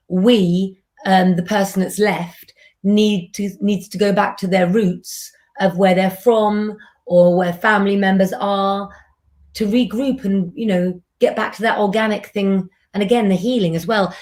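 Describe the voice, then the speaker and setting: A woman hosting a live tarot reading, talking gently and affectionately in a rambling way. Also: mid-range voice. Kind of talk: live streamed tarot reading, casual chat.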